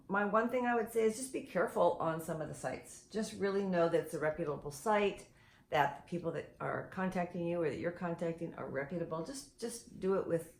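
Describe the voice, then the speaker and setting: An older woman co-hosting a casual chat show, talking in a chatty, self-deprecating way. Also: lowish voice. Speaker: co-host. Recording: echoey room, faint noise.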